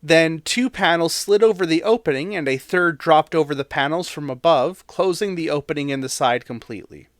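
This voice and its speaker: A man's voice: fairly high pitch, no room sound, clean studio sound. A man co-hosting a podcast, recounting a story in a chatty way with fillers and reading quotes aloud. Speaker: podcast co-host.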